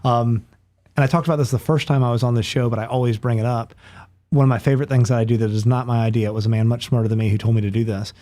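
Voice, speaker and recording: Guy chatting on a podcast, talks fast, earnest, lots of restarts. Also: medium pitch, steady tone, dark tone. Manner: earnest, heartfelt, quick with many restarts. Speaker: podcast guest. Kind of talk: casual conversation.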